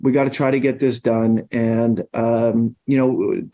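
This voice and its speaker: A middle-aged man with a mellow, warm tone tells stories at an easy pace. He rambles through long anecdotes as a podcast guest, with plenty of ums and restarts. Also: mid-range voice, steady tone, a little slow. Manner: rambling anecdotes with many fillers. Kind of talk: storytelling in casual conversation.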